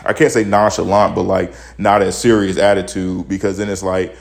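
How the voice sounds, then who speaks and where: This is a podcast host doing casual opinion commentary: a young man who rants about the news with blunt profanity, a little winded. He speaks at a normal speed in a low, gravelly voice with a level tone and few pauses.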